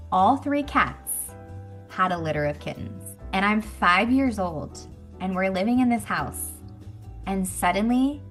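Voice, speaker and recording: At a women's business meeting, a woman with a bright, mid-range voice tells a story casually to the group. She is animated and chatty, acting out the quotes.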